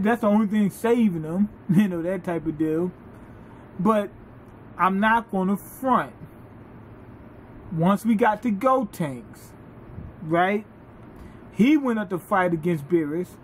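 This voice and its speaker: High-voiced man, animated and profane. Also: a little hiss or hum. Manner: animated, profane, laughing storyteller. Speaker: anime reviewer. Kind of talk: casual reaction review.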